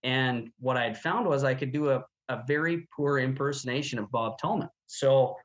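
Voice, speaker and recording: A man in his thirties from Canada, a rodeo announcer telling his story as a guest in a casual interview, chatty and animated with easy laughs. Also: mid-range voice, normal speed, lo-fi sound.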